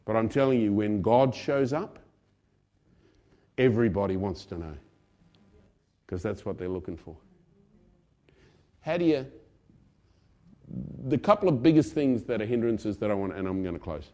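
A male pastor preaching a sermon in a conversational way, swinging between loud emphasis and quiet asides. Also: lowish voice, expressive, normal speed, long pauses.

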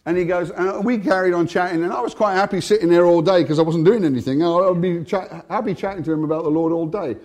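Animated British man telling a testimony. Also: high-pitched, fast, few pauses. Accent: British English. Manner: animated storytelling, laughs often; swings between hushed and loud. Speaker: Christian speaker. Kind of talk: testimony sermon.

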